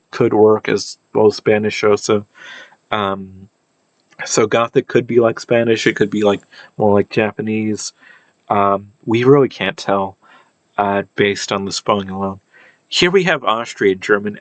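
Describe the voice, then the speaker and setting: A man's voice: fairly low pitch, no echo, poor audio. A man giving an unscripted explainer lesson, thinking aloud with frequent fillers and self-corrections. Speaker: video lecturer on historical linguistics.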